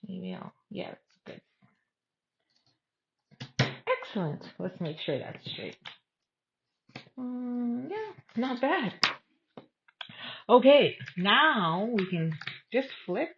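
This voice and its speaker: A woman's voice: on the high side, big pitch swings, extremely slow, long pauses, dull audio, noisy background. A woman hosting an online craft class, talking casually step by step and thinking aloud as she works. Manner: chatty, thinks aloud while working.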